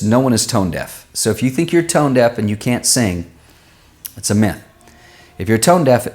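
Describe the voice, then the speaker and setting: A man working as a vocal coach, answering viewers' singing questions and demonstrating vowels and pitches with his own voice. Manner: explanatory, uses everyday comparisons.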